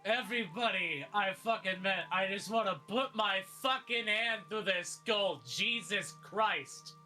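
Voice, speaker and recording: A brash, hot-tempered brawler with a crude mouth, played by a man in a tabletop game. The voice sits high and bright, and he rambles through long, profane rants. Music plays faintly behind him. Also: a little slow, exaggerated voice. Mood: ranting. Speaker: player voicing his character.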